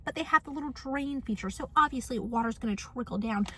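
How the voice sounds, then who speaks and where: Sassy young woman ranting on her couch, high bright voice, over the top. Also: fast, a little hiss or hum. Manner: sassy, dramatic, mocking. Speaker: vlogger. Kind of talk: casual storytime vlog. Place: apartment living room.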